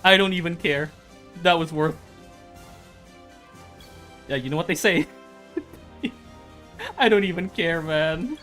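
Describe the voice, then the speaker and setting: A man's voice: on the high side, lively intonation, takes it slowly, long pauses, sharp tone, soft background music. A streamer, seemingly a man, giving casual commentary on a racing game, repeating phrases and breaking into fits of laughter.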